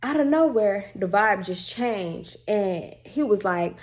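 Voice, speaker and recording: A woman's voice: medium pitch, a little slow. A young woman in a casual storytime vlog, talking in a loose, slangy way. She jumps into voices for the people in her story. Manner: slangy and animated, acting out quotes. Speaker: storytime vlogger.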